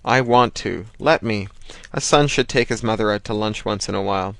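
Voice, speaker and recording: A man's voice: lowish voice, moderate pace, creaky, fairly bright tone, no echo. A man reading an audiobook, voicing a dutiful adult superhero who is earnest and dryly sarcastic.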